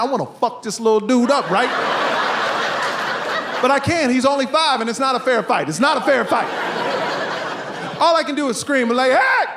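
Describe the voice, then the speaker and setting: A man performing a stand-up comedy set on stage, telling stories with sudden shouted punchlines. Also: high-pitched, noisy background. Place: comedy stage before a live audience.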